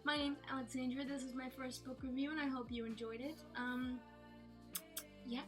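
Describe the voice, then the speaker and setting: Giggly high-voiced young woman reviewer. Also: normal speed, faint music behind. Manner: giggly, chatty, animated. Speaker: book reviewer. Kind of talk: casual book review vlog.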